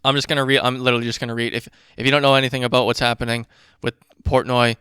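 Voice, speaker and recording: A man hosting a podcast, ranting in a casual, profane and worked-up way while doing math out loud. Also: medium pitch, level tone, racing, clean tone, dry recording, clean studio sound. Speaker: podcast host.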